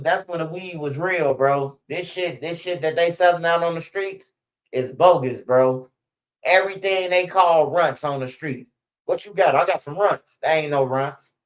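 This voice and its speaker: A man's voice: fairly high pitch, dull audio. A young man, telling stories in a rambling, slang-heavy, profane way as a channel host. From Chicago. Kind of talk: casual storytelling commentary.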